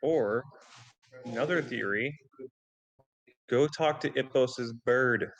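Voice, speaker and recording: A man's voice: mid-range voice, slow, dull audio. A man playing a tabletop role-playing game who banters in character, blunt and sardonic, lecturing the others. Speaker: player.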